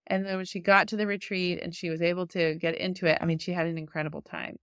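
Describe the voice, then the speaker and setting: A woman with a smooth, resonant voice that sits a little low talks straight to her listeners as a podcast coach. She rambles in a friendly way, with lots of "like" and restarts. The sound is close and dry. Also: flat delivery, fast, fairly bright tone, no echo. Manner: chatty, many fillers and restarts. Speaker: podcast host and life coach for quilters. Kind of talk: casual coaching monologue.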